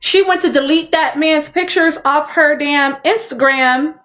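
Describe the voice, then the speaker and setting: Hosting a laid-back commentary livestream, this young adult woman talks a little slowly, her fairly bright voice sitting high and steady in tone. She speaks emphatically and tends to say her points more than once.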